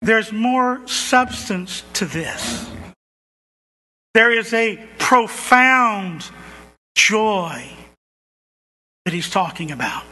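A male preacher with a very high, bright voice delivers a sermon slowly and emphatically, repeating phrases for weight. His words ring out with the long reverb of a large church hall.

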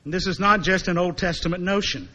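High, bright-voiced male preacher. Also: poor audio. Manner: emphatic, repeats key points slowly. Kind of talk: sermon.

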